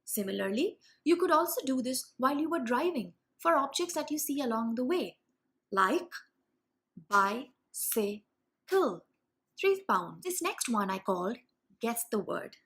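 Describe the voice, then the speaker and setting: A young woman hosting a reading lesson video, explaining clearly and sounding out demonstration words slowly. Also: high voice, very animated, a bit bright. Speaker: teacher and channel host. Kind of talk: instructional video for parents and teachers.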